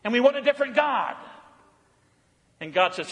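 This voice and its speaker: A man preaching a sermon in a church, his fairly high voice trailing off into long reverb from the hall. He moves from forceful, emphatic lines to hushed, tender ones, repeating words for weight. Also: lively intonation, normal speed. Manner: swings from loud, emphatic declarations to soft, hushed tenderness. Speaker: pastor.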